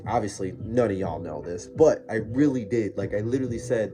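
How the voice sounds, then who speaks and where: A young man chatting casually to camera, slangy and digressive, getting loud and worked up as he goes. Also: on the low side, fairly quick, noisy background. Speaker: vlogger. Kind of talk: casual rambling chat.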